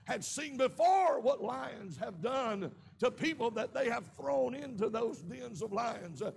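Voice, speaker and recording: A man with a Southern American accent preaching a sermon in a church, with shouted peaks and frequent amens. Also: very high-pitched, animated, a little slow, gravelly, slight background noise. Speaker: pastor. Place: church sanctuary.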